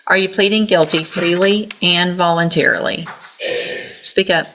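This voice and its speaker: A woman's voice: on the low side, fairly even intonation, normal speed, a bit bright, slight background noise. A woman judge, presiding in court and scolding a defendant in a stern, commanding way. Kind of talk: courtroom proceedings.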